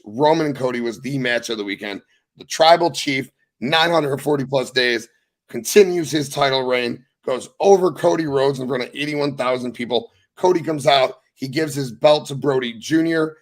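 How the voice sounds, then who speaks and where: A young man hosts a casual wrestling podcast and rattles through the weekend's matches. He talks with excited, profane emphasis and a mid-range voice. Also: medium pitch, moderate pace. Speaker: podcast host. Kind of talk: casual wrestling recap chat.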